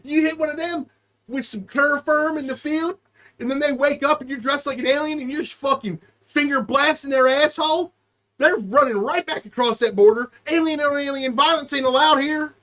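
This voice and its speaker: A man's voice: very high-pitched, moderate pace, sharp tone. A young man co-hosting a podcast, rambling through crude comedic rants and slipping into a put-on country drawl. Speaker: podcast co-host.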